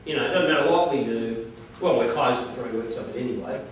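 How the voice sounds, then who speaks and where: Captured from a distance by a room mic, a man with a medium-pitched voice talks fast as he gives a chatty live business seminar, regularly checking in with listeners. The arts centre seminar room sounds very echoey, with faint background noise.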